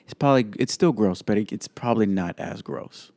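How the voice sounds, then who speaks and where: A man's voice: lowish voice, lively intonation, fairly quick, a little mellow, dry recording. A man hosting his own podcast solo, talking in a blunt, profane, opinionated way. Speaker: podcast host. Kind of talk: casual solo podcast commentary.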